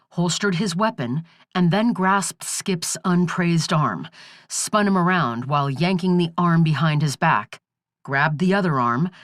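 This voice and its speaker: A woman narrating a thriller audiobook in a measured, dramatic way. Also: on the low side, no room sound, clean studio sound. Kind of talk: scripted narration.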